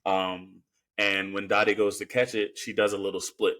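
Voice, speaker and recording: A man's voice: on the low side, flat delivery, moderate pace, fairly bright tone. A man co-hosting a podcast, recapping a film in a rambling, casual way with lots of fillers. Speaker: podcast co-host. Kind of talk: casual film review chat.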